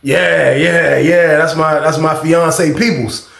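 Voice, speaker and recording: A man's voice: a little high, fairly even intonation, takes it slowly, vocal fry, fairly bright tone, roomy sound, heavily acted. A man voicing an eager, friendly new male prison guard trainee in his own everyday voice. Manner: easygoing, eager.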